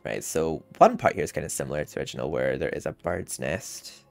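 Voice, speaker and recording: This gaming channel host has an extremely low, vocal-fry voice and speaks animatedly, a little fast. He rambles and chats while playing a video game, laughing often, with game music behind him.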